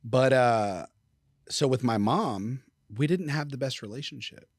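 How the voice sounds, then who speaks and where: A man's voice: medium pitch, measured pace, no room sound, studio quality. A middle-aged man speaking as a podcast guest, telling stories in a candid, casual way, swearing freely and acting out quoted dialogue. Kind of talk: casual storytelling.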